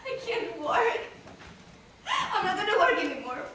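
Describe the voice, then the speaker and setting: A woman's voice: extremely high pitch, sing-song, moderate pace, bright, forceful tone, exaggerated voice. A teenage girl acting a despairing young woman in a school play, often laughing hysterically through her lines. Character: despairing young woman near twenty-four, restless. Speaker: student actor. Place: school theater stage. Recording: echoey stage, far mic, faint noise.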